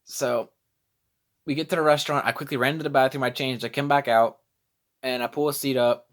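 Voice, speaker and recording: A man's voice: mid-range voice, fairly even intonation, brisk, fairly bright tone. A young man vlogging casually, rambling and self-deprecating as he loses his train of thought. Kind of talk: casual vlog storytelling.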